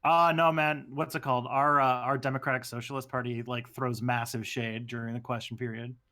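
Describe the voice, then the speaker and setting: A man with a bright, forward voice chatting on a podcast. He throws in quick, joking asides. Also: medium pitch, flat delivery. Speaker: podcast guest. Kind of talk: casual chat.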